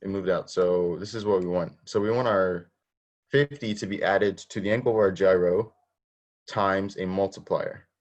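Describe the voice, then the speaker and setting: In this online coding lesson, a man teaching robotics explains things step by step, poses questions to his students, and often restarts what he's saying. He speaks in a low voice at a moderate pace, keeping his tone steady.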